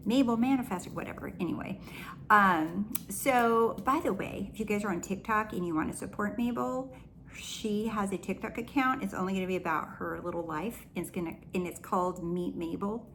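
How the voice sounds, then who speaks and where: A woman's voice: medium pitch, normal speed, fairly bright tone, a little hiss or hum. A woman spiritual coach talking to camera in an earnest, encouraging, rambling way. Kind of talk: casual spiritual teaching monologue.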